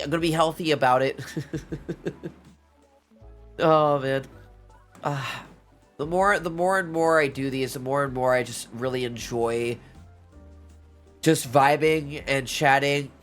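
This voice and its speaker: Stuffy-nosed streamer, mid-pitched, teasing and loose, live late-night chat, faint music underneath. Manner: playful, teasing, laughs often. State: stuffy nose. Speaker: Twitch streamer.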